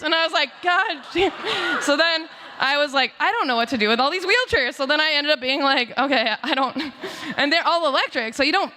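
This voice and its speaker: A young woman's bright, fairly high voice carries through a reverberant church hall. She tells an offhand, chatty story with lots of likes and quick laughs, the way an outreach worker talks about a friend. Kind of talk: memorial remembrance story. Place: church sanctuary. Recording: echoey church hall over speakers.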